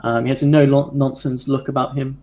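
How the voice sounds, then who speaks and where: Man, game master, casual narration, gravelly, dull lo-fi audio. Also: mid-range voice, level tone, a little fast, warm tone. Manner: casual, chuckling, loose narration. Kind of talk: narrating a tabletop horror game. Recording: dull lo-fi recording.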